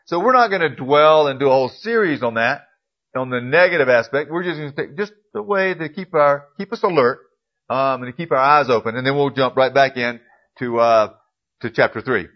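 A man teaching a casual Bible class in a church classroom. He clears his throat often and corrects himself as he goes. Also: medium pitch, brisk. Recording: dull lo-fi recording.

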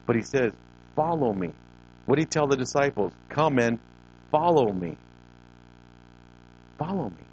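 A man's voice: medium pitch, darkish tone. A male pastor preaching a sermon, building to emphatic rises and stretching out key words. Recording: dull lo-fi recording with faint noise.

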